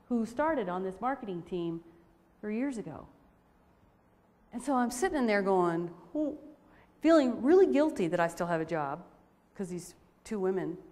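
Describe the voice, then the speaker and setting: A woman sharing a personal testimony with a women's audience, telling her story in an animated, expressive way. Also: mid-range voice. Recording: reverberant hall recording.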